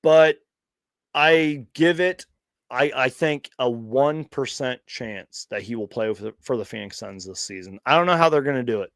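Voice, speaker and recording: A man's voice: medium pitch, normal speed, fairly bright tone, dry recording, studio quality. A man hosting a casual live question-and-answer stream, chatty and rambling, often restarting sentences and laughing along. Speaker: host of a fan live stream.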